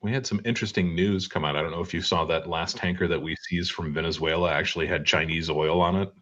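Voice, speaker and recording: A man's voice: deep voice, fairly even intonation, fast, fairly bright tone. A man with an easygoing, wry manner, co-hosting a casual livestream chat from home. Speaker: co-host. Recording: dull lo-fi call audio.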